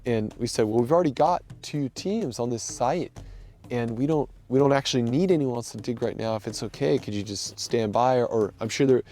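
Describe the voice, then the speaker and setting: A man recounting his time as a volunteer rescue worker, telling the story in a casual, animated way with many restarts. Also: medium pitch, brisk, soft background music. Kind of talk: casual spoken recollection.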